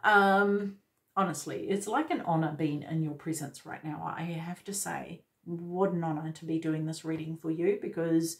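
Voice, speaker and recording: A woman's voice: fairly low pitch, steady tone, measured pace. A woman giving a casual, effusive tarot reading, talking straight to the viewer. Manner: enthusiastic, effusive, addresses viewer directly. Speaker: tarot reader.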